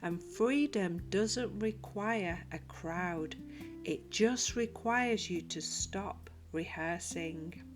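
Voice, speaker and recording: A woman narrating a scripted motivational self-help talk, slow, deliberate and reflective. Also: fairly low pitch. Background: soft guitar music.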